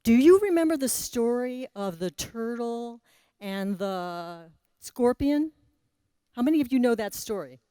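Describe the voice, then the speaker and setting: A woman gives a spiritual talk with a fairly high but mellow voice. She takes her time, pausing and letting her voice sink to a near hush. The sound is dry and close. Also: lively intonation, clear, resonant tone, no echo. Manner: asks the audience questions. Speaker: spiritual teacher. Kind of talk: spiritual talk to a live audience.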